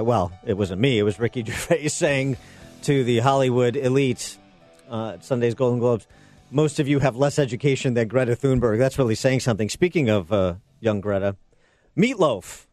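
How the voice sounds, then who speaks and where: A man's voice: medium pitch, normal speed, a little mellow, faint music behind. A man hosting a political talk radio show, delivering sarcastic and combative commentary into a studio microphone.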